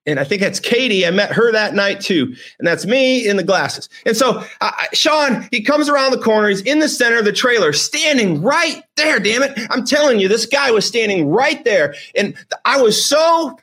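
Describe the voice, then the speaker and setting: A middle-aged man with a high voice tells a personal story straight to his viewers. He rambles and circles back, repeating words for emphasis as the feeling builds. His delivery is casual but emotional. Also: lively intonation, moderate pace, few pauses, pushed and bright. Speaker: host.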